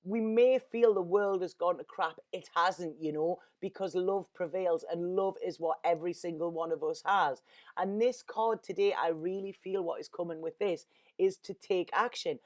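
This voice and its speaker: A woman's voice: lowish voice, normal speed, darkish tone. A woman, a tarot reader talking in an earnest, rambling, emotional way and often repeating her words. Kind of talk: casual spiritual monologue.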